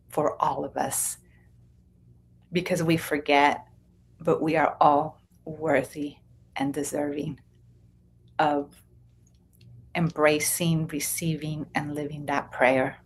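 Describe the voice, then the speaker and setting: A woman's voice: deep voice, flat delivery, slow pace, pauses often, a little hiss or hum. A woman guest author on a radio interview, speaking in an earnest, heartfelt way.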